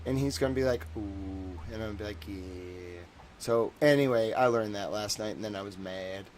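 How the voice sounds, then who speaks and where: A man's voice: fairly low pitch, fairly even intonation, quick pace, darkish tone, slight background noise. A man hosting a livestream, rambling and joking casually, with lots of filler words. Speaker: livestream host.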